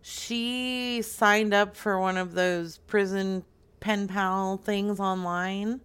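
A woman speaks slowly and casually, laughing easily between remarks. On prank calls she keeps a straight, earnest tone. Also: mid-range voice, fairly even intonation, fairly bright tone, clean tone. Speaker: streamer making prank calls. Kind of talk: casual chat and prank call.

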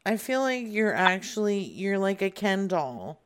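A woman's voice: mid-range voice, very animated, unhurried, clean tone. A young adult woman making a prank phone call, brash and teasing, laughing often. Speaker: prank caller.

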